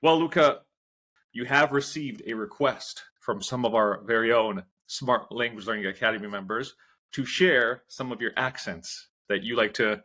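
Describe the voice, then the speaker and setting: A man's voice: mid-range voice, moderate pace, pushed and bright. An American man hosting a casual interview, telling jokey anecdotes in an upbeat way. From United States. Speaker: host.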